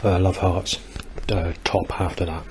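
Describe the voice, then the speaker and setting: Deep-voiced man in his forties, halting and rambling, video diary. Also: flat delivery, darkish tone, slight background noise, low-quality recording. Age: 40s. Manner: hesitant, rambling, many ums. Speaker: vlogger. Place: outdoors near a busy bus station.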